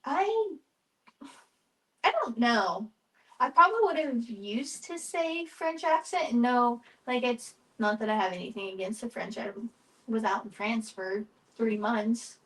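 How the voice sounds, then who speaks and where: Easygoing young woman, higher voice. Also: lively intonation, a little slow, poor audio. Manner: easygoing, laughs often, hesitant fillers. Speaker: podcast co-host. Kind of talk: casual chat.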